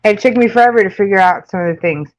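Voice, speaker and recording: A woman's voice: mid-range voice, quick pace. A woman with a New York accent chatting casually with live-stream viewers, rambling with lots of fillers and frequent laughs. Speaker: makeup channel host.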